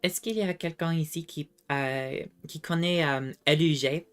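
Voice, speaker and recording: A young adult woman streamer chatting casually with viewers, self-deprecating and halting when she tries French. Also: deep voice, clean tone. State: slightly under the weather.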